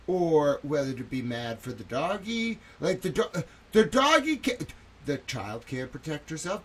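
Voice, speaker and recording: A man hosting a live stream as a reporter, distressed and talking into his microphone, repeating phrases and stammering. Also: medium pitch. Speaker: livestream host and reporter. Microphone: studio microphone.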